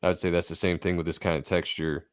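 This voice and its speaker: A man with a fairly low voice hosts a laid-back livestream about comic book art. He talks with easy enthusiasm and drops casual swears along the way. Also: flat delivery, fast talker. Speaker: host.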